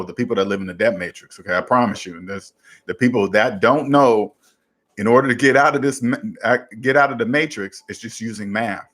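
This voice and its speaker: A man's voice: mid-range voice, fairly bright tone. A man hosting a casual personal finance talk, giving advice to a listener in an emphatic, repetitive way, coming back to one simple formula again and again. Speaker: personal finance coach and show host.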